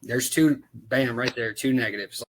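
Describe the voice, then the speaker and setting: A race car driver on a podcast, ranting about racetracks in casual, profane talk full of rhetorical questions. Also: male voice, mid-range voice, normal speed, a little hiss or hum. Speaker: dirt late model race driver.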